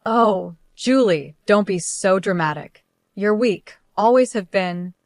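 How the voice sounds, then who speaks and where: Cold, superior grandmother for a story read-aloud, voiced by a woman narrator, calm and scolding, dry sound. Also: mid-range voice, slow, no room sound.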